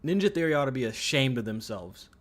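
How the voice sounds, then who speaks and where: Sing-song and quick-paced, this mid-range male voice belongs to a game streamer. His live gameplay commentary is an exasperated rant, thick with swearing, repetition and trailing restarts.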